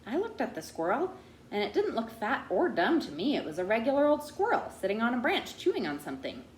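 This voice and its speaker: A woman narrates a children's story aloud with an expressive, lively reading voice. Her pitch sits a little high and moves a lot. The recording has a roomy echo around it. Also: a little fast, slight background noise. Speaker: audiobook reader.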